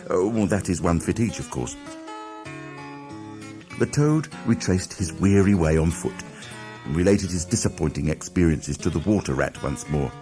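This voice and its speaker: Lively, low-voiced male storyteller. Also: moderate pace, over music. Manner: animated, dramatic storyteller. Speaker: audiobook narrator. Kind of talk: storybook narration.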